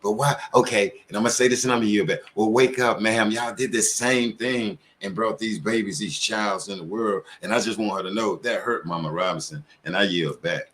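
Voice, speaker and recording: A man's voice: lowish voice, a little fast, few pauses, a bit bright, slight background noise. A man giving heated commentary as a show host, firing off rhetorical questions.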